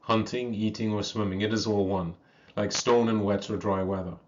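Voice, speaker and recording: A man's voice: fairly low pitch, fairly even intonation, moderate pace, highs cut off, a little hiss or hum, close to an everyday voice. A man voicing a sly, proud male black panther who speaks with a mock-humble drawl in a storybook reading. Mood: wry.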